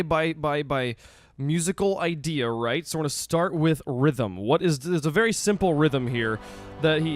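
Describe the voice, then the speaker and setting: A man's voice: on the high side, dry recording, studio quality. A young man casually explaining music theory with enthusiasm, full of restarts, counting beats aloud. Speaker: music vlogger.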